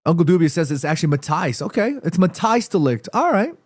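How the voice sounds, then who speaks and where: A fairly high-voiced man with a stuffy nose hosts a live football watchalong, calling the action and answering his chat. His voice is recorded close and dry, with no room sound around it. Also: fast, slightly rough, no room sound. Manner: excitable, reads chat aloud and answers viewers. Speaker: watchalong streamer.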